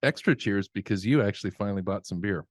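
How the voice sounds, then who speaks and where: A man's voice: on the low side, fast, no echo. A man co-hosting a studio podcast, chiming in with short, dry teasing quips. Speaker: podcast co-host. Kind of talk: casual studio podcast chat.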